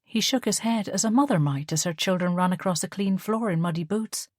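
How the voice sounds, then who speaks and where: This is a woman with a mid-range voice narrating an audiobook at an even, measured pace. The studio recording is clean, with no room sound at all.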